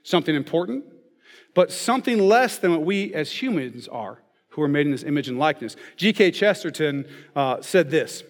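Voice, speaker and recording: A man's voice: fairly high pitch, animated, moderate pace. A man giving a sermon in a conversational way, often checking in with "okay?" and "right?". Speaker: pastor. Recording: long reverb of a large hall.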